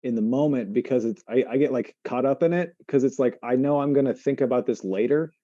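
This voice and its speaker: Very dark-voiced man, halting speech. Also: medium pitch, dry recording. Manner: halting, restarts often while working through feelings. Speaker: podcast co-host. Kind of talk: casual chat. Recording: muffled, dry.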